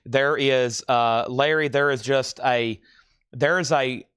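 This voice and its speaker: A man with a country American accent runs a live record sale, rattling off titles and prices in a quick, practiced patter. His voice sits in an ordinary middle register, and he drops in wry, joking asides between sales. The sound is close and dry, with no room echo. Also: mid-range voice, steady tone, a bit bright, clean tone. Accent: rural American country accent. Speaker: live-stream record seller.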